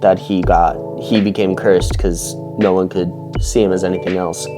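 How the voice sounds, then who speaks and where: A young man hosting a reaction video, chatting casually in a jokey, animated way. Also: sits low, moderate pace. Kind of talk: casual chat. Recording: talk over loud background music. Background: background music.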